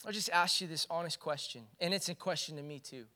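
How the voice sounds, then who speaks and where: A man's voice: on the high side, brisk, pushed and bright. A man preaching a sermon as pastor, earnest and building into fervent exhortation.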